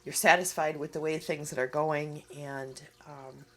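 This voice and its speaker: A woman with a low voice talks through an oracle card reading in a casual vlog. She is tearful and emotional, and her speech is soft and halting, full of pauses. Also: fairly even intonation.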